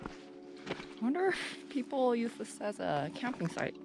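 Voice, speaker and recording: A woman's voice: a little high, very animated, normal speed, creaky. A young woman vlogging while hiking a mountain trail, chatting playfully to the camera with plenty of fillers, at times out of breath. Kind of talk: casual vlog while hiking.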